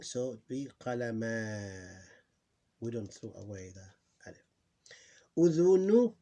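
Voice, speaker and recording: A man teaching an informal recorded lesson on reading, patiently repeating words slowly and often correcting himself, sounding tired. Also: mid-range voice, dark tone.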